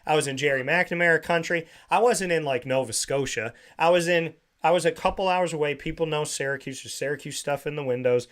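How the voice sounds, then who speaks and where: A man hosts a casual sports talk show from his studio and tells stories with gusto, acting out each voice he quotes. His voice sits a touch high for a man, and he talks into a studio microphone. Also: brisk, few pauses. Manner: animated storyteller, acts out quoted voices. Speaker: show host.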